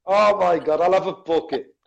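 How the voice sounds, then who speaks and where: A man's voice: high-pitched, moderate pace, vocal fry, lo-fi sound. A man hosting a casual online chat show, effusive and jokey, laughing a lot with his guest. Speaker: show host.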